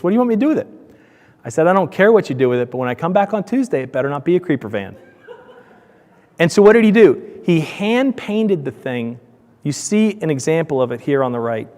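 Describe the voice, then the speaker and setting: A man with a slightly higher voice presents to an audience, full of anecdotes. He jumps into acted-out voices for the people in his story. The sound carries a long hall echo. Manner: animated, acts out dialogue with raised pitch. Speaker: conference speaker, donut shop owner. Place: conference hall. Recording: hall reverb from a conference room.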